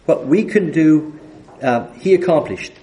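A man teaching a Bible study, speaking haltingly with fillers and reading scripture aloud with emphasis. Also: on the high side, animated, warm tone, poor audio. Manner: halting, with frequent fillers and restarts.

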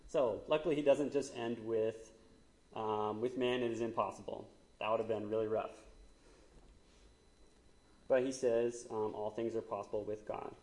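A man's voice: fairly low pitch, fairly even intonation, moderate pace, pauses often, a little mellow, echoey room. A man, likely in his thirties, giving a conversational sermon with frequent fillers and asides, as the church's pastor.

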